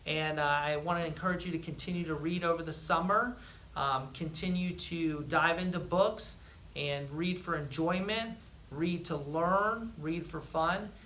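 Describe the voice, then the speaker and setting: School reader, storybook read-aloud, slow and expressive, echoey room, far from mic. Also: mid-range voice. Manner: expressive, with dramatic pauses and loud surges. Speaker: school staff reading to students. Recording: echoey room, distant mic, faint noise.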